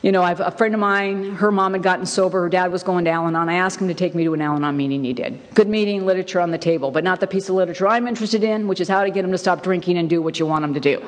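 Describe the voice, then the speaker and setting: A woman's voice: fairly low pitch, fairly even intonation, racing, few pauses. A middle-aged woman telling her own story at a recovery meeting, candid and wry, with lots of fillers and emphatic repeats. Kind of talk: personal testimony talk. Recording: long hall reverb.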